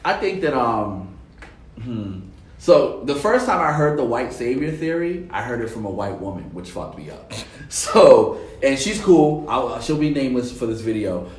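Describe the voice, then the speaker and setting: A man's voice: mid-range voice, normal speed, distant mic. A young adult man hosting a casual panel chat, telling stories with lots of fillers and acting out quotes. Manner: relaxed storytelling, many fillers, acts out quotes. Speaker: podcast host. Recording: roomy echo, voice heard from off the mic.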